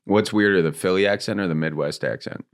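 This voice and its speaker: Deep-voiced easygoing podcast host. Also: male voice, fairly quick. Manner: easygoing, asks short questions. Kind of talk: casual podcast chat.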